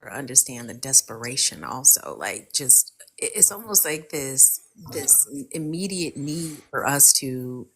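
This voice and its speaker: A woman explaining her point in a measured way during a casual podcast chat. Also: rumbling low, sing-song, a bit bright, husky. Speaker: podcast co-host.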